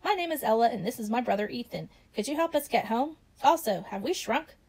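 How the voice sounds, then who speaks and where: A woman's voice: on the high side, expressive, brisk, a little mellow, slightly rough. A woman voicing a curious, polite young girl in a storybook.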